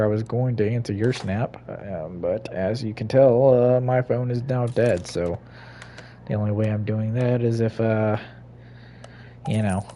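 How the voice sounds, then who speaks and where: A man giving casual, swear-filled commentary while he plays a game, talking to himself, laughing and breaking into sudden loud outbursts. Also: lowish voice, a little hiss or hum. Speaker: gaming streamer.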